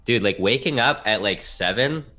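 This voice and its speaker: A man's voice: on the low side, expressive, moderate pace, pushed and bright. A young man appearing as a guest on a casual podcast, talking in a loose, rambling, slangy way. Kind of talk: casual chat.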